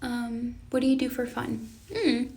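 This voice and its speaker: A young woman talks casually and earnestly on a live stream, answering viewers' questions as she goes. Her voice sits a little high and has a gravelly, fry-tinged edge. It sounds like a phone or webcam mic in a casual live-stream setup. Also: level tone, a little slow, darkish tone. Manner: earnest, reflective, reads viewer questions aloud. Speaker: life coach.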